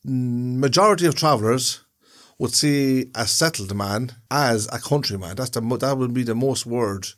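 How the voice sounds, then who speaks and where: A man in easy conversation, talking his way through a point with example after example. His pitch sits in the middle range, and he speaks plainly and unhurriedly. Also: moderate pace. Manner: rambling, explains with long examples. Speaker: podcast co-host. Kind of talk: casual chat.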